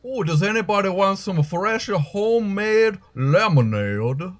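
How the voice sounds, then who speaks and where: A man's voice: sits high, expressive, slow pace. A man playing a vain male actor who puts on an overdone Southern drawl, theatrical and always in character. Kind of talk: comedy sketch.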